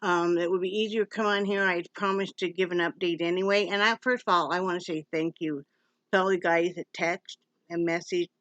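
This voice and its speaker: A woman's voice: on the low side, steady tone, fairly quick, a bit bright, no room sound, dull audio. A woman from Wyoming giving a rambling, emotional personal update at home, with many restarts. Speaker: vlogger.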